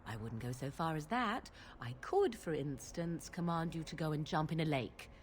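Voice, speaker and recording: A woman's voice: low voice, animated, moderate pace, in a large hall, slight background noise. An actress playing a sardonic young witch who mocks others with dry, cutting sarcasm in a video game. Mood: sarcastic.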